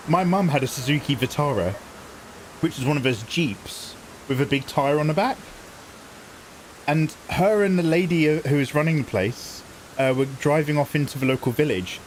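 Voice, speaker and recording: Male streamer, slightly high voice, cheeky and jokey, laughs easily while chatting to chat. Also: a little hiss or hum, poor audio. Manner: playful, jokey, laughing often, hamming up mangled French. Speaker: game livestreamer. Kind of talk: casual live-stream chat to viewers.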